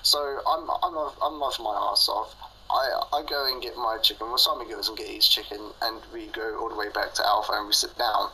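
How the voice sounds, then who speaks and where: Brief: young guy, very bright tense voice, rambly storytime with ums and laughs. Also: fairly low pitch, fairly even intonation, a little fast, slight background noise, low-quality recording. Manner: rambling, filler-heavy, laughs often. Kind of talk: casual storytime chat.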